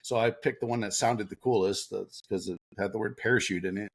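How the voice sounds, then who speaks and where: A man's voice: lowish voice, brisk, breathy edge. Middle aged guy on a podcast telling a story, lots of laughing, does the voices of people he's quoting. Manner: animated, laughs often, acts out dialogue. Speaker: podcast guest, former Navy SEAL. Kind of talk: casual storytelling.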